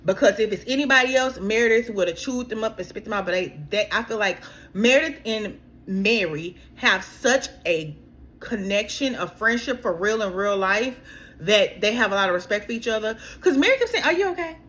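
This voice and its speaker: Woman ranting about a reality show episode, animated and exasperated, sharp bright tone. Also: mid-range voice, normal speed. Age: adult. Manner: animated, exasperated, talks straight to the cast, keeps saying girl. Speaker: reality TV recap vlogger. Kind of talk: casual reality show recap.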